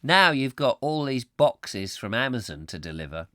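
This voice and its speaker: A man's voice: mid-range voice, sing-song, normal speed, hardly any pauses, bright, forceful tone, no room sound, studio quality. Rambling man hosting a chat show. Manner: rambling, chatty, easily exasperated. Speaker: host. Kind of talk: live casual chat show. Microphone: close microphone.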